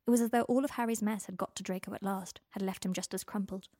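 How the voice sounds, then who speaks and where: A woman narrating a story aloud in an expressive reading voice. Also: medium pitch, fast, dry recording, studio quality. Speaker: audiobook reader.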